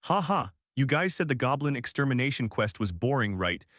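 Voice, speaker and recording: A man's voice: mid-range voice, sing-song, fairly quick, fairly bright tone, dry recording, studio quality. A man voicing a reckless young male gamer who sides with goblins, speaking in a mocking, taunting way.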